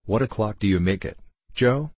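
Impatient coachman, cursing grumble, husky low voice, read by a man. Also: normal speed, a little mellow, no room sound. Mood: vexed.

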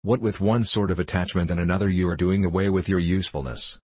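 A guttural, scheming diplomat sneers and mocks in a deep, low voice, as a man reads him aloud. His tone stays condescending and sly, with a husky edge. The audiobook recording is dry and close. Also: quick pace, a little mellow, no echo. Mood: mocking. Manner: mocking, condescending. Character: scheming, contemptuous male foreign diplomat. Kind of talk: audiobook character reading.

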